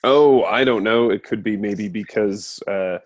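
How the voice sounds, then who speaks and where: A man from Colorado co-hosting a casual podcast chat, easygoing and quick to laugh. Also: lowish voice, a little hiss or hum. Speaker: podcast co-host.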